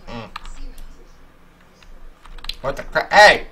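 A man giving animated let's-play commentary, yelping and talking back to the game's characters as he plays. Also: medium pitch, unhurried, long pauses, soft background music. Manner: animated, yelps at game characters. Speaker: gaming YouTuber.

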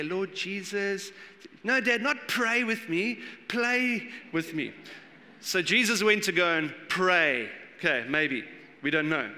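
Animated South African pastor in a hall. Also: male voice, fairly high pitch. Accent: South African English. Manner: casual storytelling with acted-out voices and laughs. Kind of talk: sermon. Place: church hall. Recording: long hall reverb.

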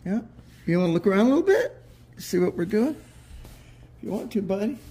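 Gentle coaxing dad. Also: male voice, high voice, big pitch swings, fairly quick, a little hiss or hum. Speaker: father. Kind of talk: casual family vlog chat.

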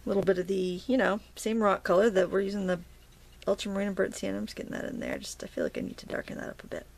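A woman's voice: mid-range voice, big pitch swings, rapid-fire, creaky. Chatty woman with a Maine accent. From Maine, USA. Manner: chatty, self-talking while painting, playful asides. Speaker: watercolor instructor. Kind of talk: casual painting tutorial.

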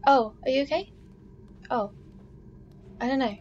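A woman's voice: sits high, a little slow, pauses often, faint music behind. Chatty woman gaming, lo-fi mic. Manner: chatty self-talk, swearing and exclaiming. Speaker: let's play gamer. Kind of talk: casual gameplay commentary. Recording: dull lo-fi mic with steady background noise.

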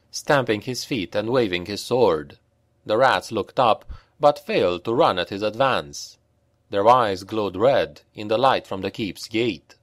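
A man narrating a dark fantasy audiobook in a measured, deliberate storytelling manner. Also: lowish voice, dry recording, studio quality.

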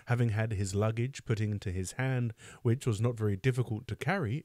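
Dark-voiced man reading a classic novel aloud. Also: lowish voice, dry recording, studio quality. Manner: reads steadily and stops to comment on words. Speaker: book club reader.

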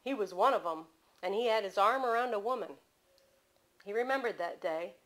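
A woman author reading aloud from her mystery novel at a bookstore, in steady storytelling narration. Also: mid-range voice, moderate pace, poor audio.

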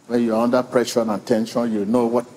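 A man's voice: mid-range voice, flat delivery, a little fast, dark tone, a little hiss or hum. A man preaching a sermon with emphatic repetition, drawing in the congregation. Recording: long reverb of a large hall.

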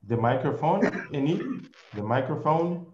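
A male English teacher with a Brazilian Portuguese accent, leading an online group class slowly and patiently, repeating his praise. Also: fairly high pitch, very animated, roomy sound, highs cut off, background noise.

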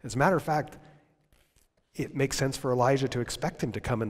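A man preaching a sermon as pastor, dramatic and swinging from loud to hushed delivery. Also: mid-range voice, fairly quick. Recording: long church reverb.

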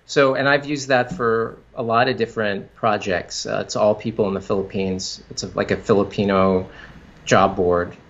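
A man, a company founder, talking casually in an interview, halting with frequent restarts and fillers. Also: fairly low pitch, steady tone, fairly bright tone, dull audio.

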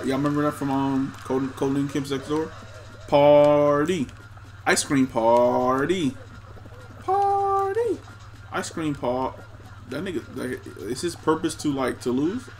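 A young man casually commenting on his own gameplay, excitable and trash-talking the other players. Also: medium pitch, normal speed, slight background noise. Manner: excitable, talks to himself and chat, trash-talks players. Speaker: gaming streamer.

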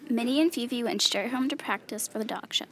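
A woman reading a children's story aloud in a clear, measured storytelling voice. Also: a little high, background noise. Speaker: storybook reader.

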